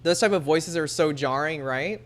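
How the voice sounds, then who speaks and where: A woman's voice: deep voice, moderate pace. A woman streamer chatting casually and laughing often, using many fillers. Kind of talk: casual chat.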